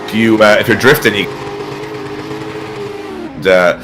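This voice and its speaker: A man's voice: on the low side, fairly even intonation, measured pace, background noise. A man hosting an online event in casual, rambling chat, often trailing off mid-sentence. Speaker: event host.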